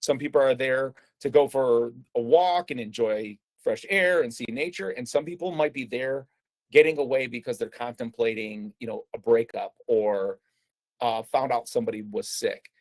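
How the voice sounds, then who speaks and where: A man's voice: mid-range voice, normal speed. A man, telling a personal story in a conversational talk with frequent fillers and restarts. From United States. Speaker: speaker presenting a talk.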